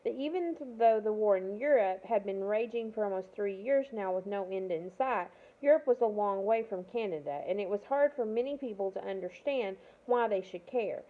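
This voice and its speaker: A woman's voice: medium pitch, lively intonation, moderate pace, few pauses. Woman reading a novel aloud, self-correcting stumbles, tinny phone-like recording. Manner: stumbles and corrects herself mid-sentence. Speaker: reader of a novel.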